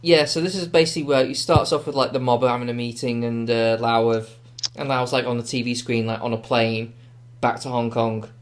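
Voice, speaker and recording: A man's voice: medium pitch, fairly even intonation, a little fast. A man co-hosting a film podcast, rambling with many fillers and laughing often. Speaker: podcast co-host. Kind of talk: casual film review chat.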